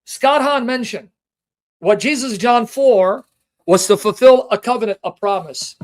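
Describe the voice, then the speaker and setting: In an extremely high pitch and at a measured pace, a show host teaches the Bible on a livestream. Passionate and emotional, he speaks right to his viewers, reading scripture references aloud and asking rhetorical questions.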